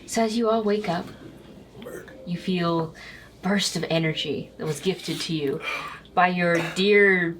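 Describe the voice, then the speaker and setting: A woman's voice: fairly low pitch, slow pace. A woman game master narrating a tabletop game, chatty and loose, often laughing between lines. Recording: clicking noise in background.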